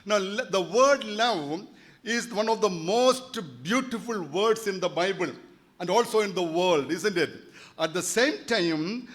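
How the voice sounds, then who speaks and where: High-voiced pastor in his sixties. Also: lively intonation, measured pace. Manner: earnest, repeats key phrases for emphasis. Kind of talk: sermon. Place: church.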